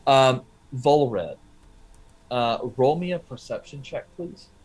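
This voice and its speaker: A man's voice: mid-range voice, animated, slow, darkish tone. Hesitant male game master. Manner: rambling, hesitant, full of fillers. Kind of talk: narrating a tabletop game.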